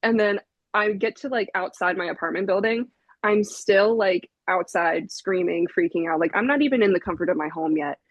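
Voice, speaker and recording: Animated young woman telling a story. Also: medium pitch, normal speed, no echo, muffled recording. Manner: animated, laughing, frequent "like" fillers. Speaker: podcast guest, vinyl collector. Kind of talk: casual podcast storytelling.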